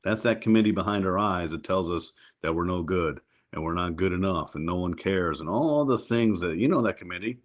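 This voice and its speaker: Here's a lively middle-aged man appearing on a podcast, keeping the interview conversation casual. Stories send his pitch shooting up.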